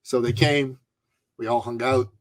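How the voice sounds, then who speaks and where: A middle-aged man, a podcast guest, tells a story with drama and laughter in an animated way. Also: medium pitch, measured pace.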